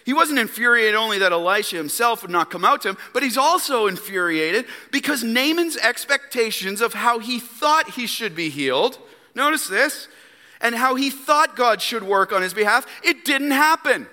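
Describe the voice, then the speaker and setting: A man preaching a sermon as a pastor, emphatic and full of rhetorical questions and dramatic pauses. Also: very high voice, expressive, pushed and bright, in a large hall. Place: church sanctuary.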